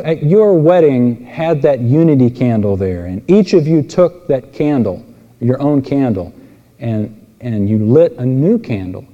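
A man preaching an expository sermon, telling stories with voiced characters and moving between emphatic and quiet delivery. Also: medium pitch, muffled recording. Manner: animated storytelling with voiced characters. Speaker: pastor. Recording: long reverb in a large hall.

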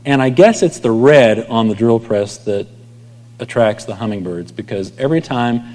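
A man's voice: mid-range voice, animated, moderate pace, a little mellow. Preaching man in a reverberant hall. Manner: conversational preaching, dropping to near whispers at line ends. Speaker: pastor. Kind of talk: sermon.

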